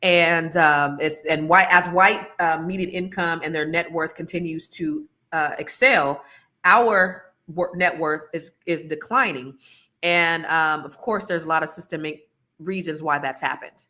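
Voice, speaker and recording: Woman, livestream host, animated, chatty, talks straight to viewers. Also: low-pitched, unhurried. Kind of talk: casual livestream chat.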